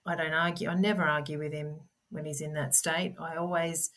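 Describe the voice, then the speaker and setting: A middle-aged woman guest in an interview, explaining things in an earnest, gentle, conversational way. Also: low-pitched, little pitch movement, a little fast. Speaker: podcast guest, parent advocate.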